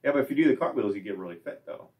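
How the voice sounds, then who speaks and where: A man with a slightly low voice hosts a relaxed office chat, putting a question to his team. He speaks easily and keeps the talk moving with follow-up questions. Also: very fast, far from the mic. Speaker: host asking the question of the day.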